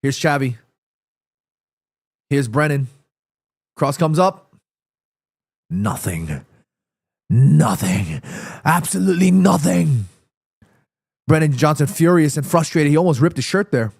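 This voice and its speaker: Excitable stuffy-nosed male football streamer. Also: on the high side, moderate pace, pauses often, dry recording, clean studio sound. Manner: excitable, reads chat aloud and answers viewers. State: stuffy nose. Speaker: watchalong streamer. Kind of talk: live football watchalong commentary.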